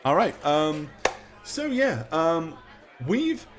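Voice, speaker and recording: A man's voice: on the high side, sing-song, extremely slow, music in the background, crowd noise. Chatty, rambling game master man. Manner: chatty, rambling, laughs often. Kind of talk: narrating a tabletop game.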